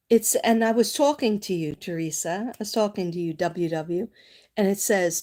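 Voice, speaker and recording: Woman, livestream psychic host, casual and reassuring, rambles, mid pitch. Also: moderate pace, warm tone. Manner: chatty, reassuring, drifts off on tangents; reads from oracle cards and speaks to viewers by name.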